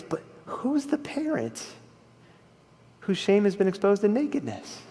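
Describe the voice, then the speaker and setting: A man preaches in a high register, leaning hard into key words and then falling quiet. The sermon rings out with long reverb, as in a church hall. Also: unhurried, husky. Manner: expressive, rises and drops in volume for emphasis.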